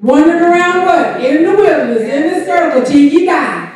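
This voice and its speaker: A woman's voice: high-pitched, expressive, normal speed, darkish tone. A woman teaching Sunday school, calling out questions for the congregation to answer. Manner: asks the congregation to fill in words. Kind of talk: church teaching with call-and-response. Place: large church hall. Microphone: room mic far from speaker. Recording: echoey church hall from far off.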